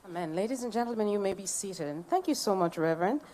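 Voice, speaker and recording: A woman's voice: mid-range voice, expressive, fast talker, warm tone, a little hiss or hum. Playful Jamaican woman emceeing a ceremony. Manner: playful, banters with the audience. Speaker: master of ceremonies. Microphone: podium microphone.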